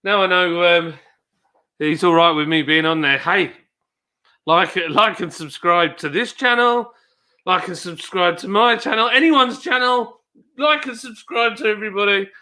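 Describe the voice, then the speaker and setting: An excitable man with a British accent hosts a casual live stream, exclaiming and laughing as he chats. His voice sits a little high and sounds bright and forceful. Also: measured pace. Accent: British English.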